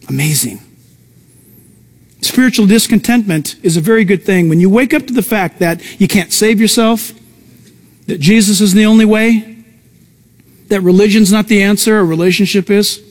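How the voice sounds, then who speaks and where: Man, pastor, sermon, high voice, emphatic preaching, casual asides to the congregation. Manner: emphatic preaching with sudden pitch jumps; conversational asides to the crowd.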